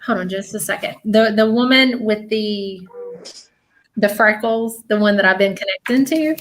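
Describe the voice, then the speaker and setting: A woman working as a psychic medium, giving a live reading in a halting way, full of fillers, restarts and repeated words. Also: medium pitch.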